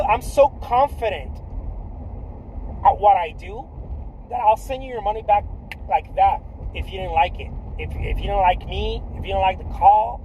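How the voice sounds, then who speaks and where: A man coaching artists in a casual, blunt and profane pitch, repeating himself often with lots of restarts. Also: muffled recording, a little hiss or hum. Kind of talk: casual direct-to-camera pitch.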